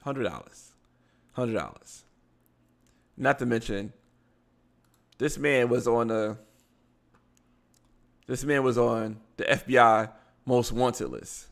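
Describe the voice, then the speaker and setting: A man with a Baltimore accent and a gravelly, mid-pitched voice hosts a casual live show. He reads news articles aloud, trips over long words, and breaks off with blunt asides. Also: fairly even intonation, slow pace, long pauses.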